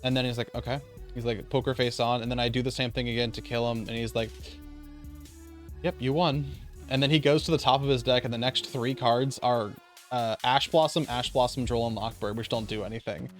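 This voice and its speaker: A man with an ordinary mid-range voice talks through his card game tournament in a loose, rambling way, swearing now and then. Faint music plays quietly underneath. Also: mid-range voice, fairly even intonation, fairly quick. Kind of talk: casual recap vlog.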